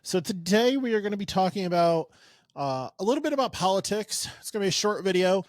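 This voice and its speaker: Man, podcast co-host, slightly high voice, rambling and sarcastic, dry close sound. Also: animated, fast, dry recording. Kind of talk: casual political podcast chat.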